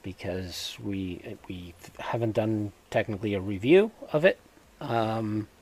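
A man with a New England accent talks through a casual podcast chat. His voice sits low and he takes his time, pausing often with fillers as he gathers his thoughts. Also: expressive, darkish tone. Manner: hesitant, many filler pauses. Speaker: podcast co-host.

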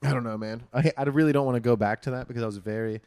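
A man's voice: medium pitch, steady tone, racing, a little mellow, smooth, no room sound, clean studio sound. A man hosting a podcast, ranting animatedly and swearing in casual chat.

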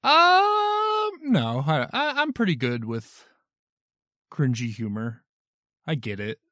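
A man's voice: a little high, wildly swooping pitch, slow pace, pushed and bright, no echo, studio quality. A man co-hosting a podcast, tossing in short jokey quips during casual chat. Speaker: podcast co-host.

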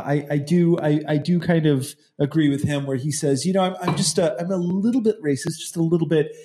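A man's voice: a little high, a little mellow. A man hosting a casual podcast, joking around and stumbling through many fillers and restarts. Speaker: podcast host.

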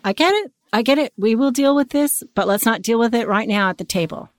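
A woman's voice: on the high side, a little fast, dry recording. Stammering woman, close dry sound. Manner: stammering, animated, often restarting her words. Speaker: host and relationship coach. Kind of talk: role-play demonstration and advice talk.

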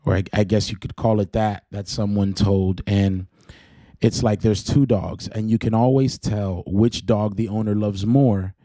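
A man with a Southern US accent talks through a casual faith podcast, joking around and correcting himself as he rambles. His voice sits on the lower side and sounds warm and mellow. The sound is dry and close, with no room echo. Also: fairly even intonation, measured pace. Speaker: podcast host.

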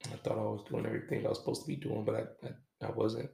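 A man hosting a podcast, talking in a halting, reflective, casual way with some swearing. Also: fairly low pitch, monotone, gravelly, dark tone. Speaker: podcast host. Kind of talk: confessional podcast monologue. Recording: echoey room.

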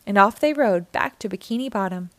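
A woman narrating a children's storybook aloud, with an expressive, clear delivery. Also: mid-range voice, fairly quick, dry recording. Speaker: children's book reader.

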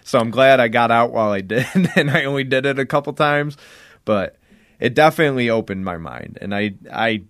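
A man's voice: medium pitch, a little fast, fairly bright tone, dry recording. A young man telling a rambling story on a podcast, stringing thoughts together with filler and swearing. His voice sits in a middle range and comes across close and dry, with little sense of the room around it. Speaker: podcast host. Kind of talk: casual podcast chat.

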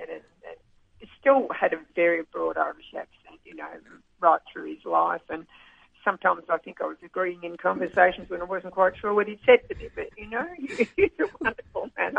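A woman's voice: lowish voice, creaky, husky, no echo. A woman, a racing club manager interviewed by phone, talking fondly with many hesitations and restarts. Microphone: telephone. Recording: tinny phone line.

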